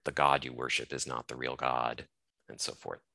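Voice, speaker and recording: Very deep-voiced man, bright and crisp. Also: flat delivery, normal speed, no echo. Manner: thoughtful, hedging with many fillers. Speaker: scholar guest discussing his book. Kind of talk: conversational explanation.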